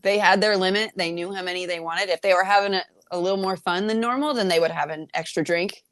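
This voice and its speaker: Woman bartender guest, blunt and salty, lower-pitched, casual chat. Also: fast talker, fairly bright tone, no room sound. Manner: blunt, laughing, swears freely.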